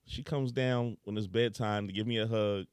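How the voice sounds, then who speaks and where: A man on a casual group podcast, telling a sad personal story slowly and with feeling. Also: fairly low pitch, steady tone, darkish tone, clear, resonant tone, no echo, studio quality.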